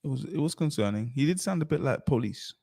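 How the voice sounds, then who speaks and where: A man co-hosting a casual podcast, joking in a dry, deadpan way. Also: medium pitch, fast, vocal fry, slightly rough, no room sound. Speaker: podcast co-host.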